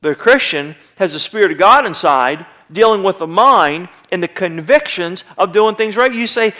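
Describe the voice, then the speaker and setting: A man's voice: high-pitched, expressive, normal speed, hardly any pauses, sharp tone. A male pastor preaching a sermon to his church in a conversational way, acting out short quoted voices now and then. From United States. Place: church sanctuary.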